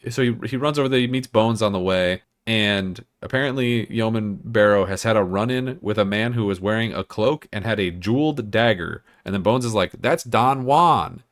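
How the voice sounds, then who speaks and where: A man's voice: lowish voice, fairly quick, hardly any pauses. A young man co-hosting a podcast, reviewing episodes in casual, rambling, joking chat. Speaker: podcast co-host.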